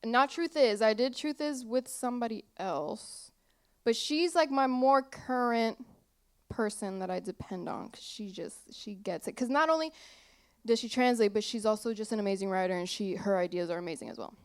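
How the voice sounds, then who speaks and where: A young singer-songwriter, here as a guest, chats casually during an on-stage interview in a small theater. Her voice is fairly high and clean, at a normal speed. She giggles, rambles, and loses her train of thought.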